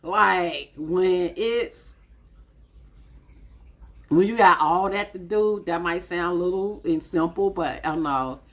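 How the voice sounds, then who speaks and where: A woman's voice: on the low side, takes it slowly. A woman in her late fifties talking casually to camera as a vlogger, musing and chatty, calling her viewers y'all. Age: 50s.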